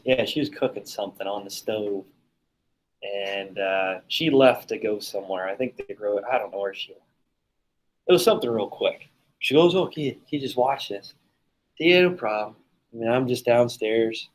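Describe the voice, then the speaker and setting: A man's voice: on the low side, normal speed, poor audio. A man teaching a classroom lesson in a casual, joking, chatty way, telling stories and teasing his students.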